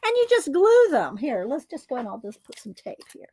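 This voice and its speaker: A woman's voice: high-pitched, warm tone, slight background noise. A middle-aged woman chatting casually while showing her craft supplies, rambling with asides and fillers. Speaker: craft vlogger. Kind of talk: casual craft show-and-tell.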